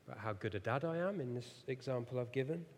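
A man in his thirties preaches at a quick pace in a mid-range voice, with a little hiss or hum in the recording. Inside an echoey church hall, he tells an animated, self-mocking story, laughing often at his own failings.

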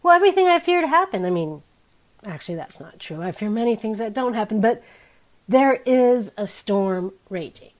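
Preaching at a normal speed, this fiftysomething woman sounds expressive, frank, and wryly conversational. Her pitch and loudness shift widely as she goes.

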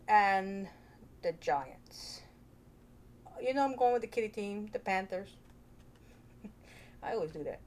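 A woman's voice: medium pitch, darkish tone. A woman hosting a casual vlog, chatty and playful, thinking aloud into her own microphone. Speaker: vlogger host.

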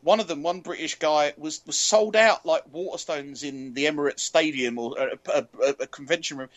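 A man co-hosting a TV review podcast, giving long, halting opinions in casual chat. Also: on the high side, muffled recording. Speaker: TV reviewer co-host.

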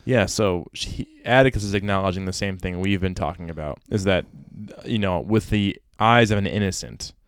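A man's voice: low voice, moderate pace, few pauses, clean tone, no room sound, clean studio sound. A man co-hosting a casual book discussion podcast, joking with playful wordplay and reading passages aloud. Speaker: podcast co-host.

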